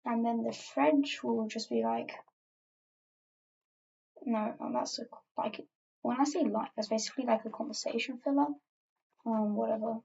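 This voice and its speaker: A woman's voice: a little high, fairly even intonation, normal speed, creaky, long pauses, dark tone, highs cut off. A woman casually narrating an alternate-history map as she edits it, rambling offhand with lots of fillers and asides.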